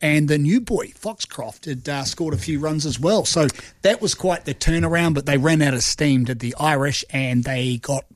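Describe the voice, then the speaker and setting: A man, a sports talk regular, chatting in a lively, jokey way on radio. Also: a little high, normal speed. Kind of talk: casual radio chat.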